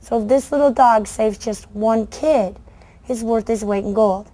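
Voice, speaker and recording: A middle-aged American woman, a children's book author, gives a lively, unhurried storytelling talk to an audience in a slightly high voice. She slips into the voices of children and adults along the way, keeping the room with her.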